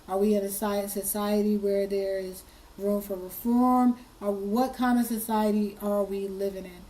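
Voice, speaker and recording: A woman hosting an online commentary, speaking earnestly while hoarse and fighting back tears, often repeating her words. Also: medium pitch, little pitch movement, moderate pace, dark tone, poor audio. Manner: earnest, choked up, repeats herself. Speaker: commentary channel host. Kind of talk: emotional commentary.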